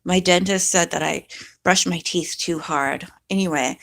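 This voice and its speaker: Gravelly-voiced woman chatting casually. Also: measured pace, fairly bright tone. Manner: rambling, chatty, talks to her cat in a high voice. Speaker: vlogger. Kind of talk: casual chat to camera with her cat.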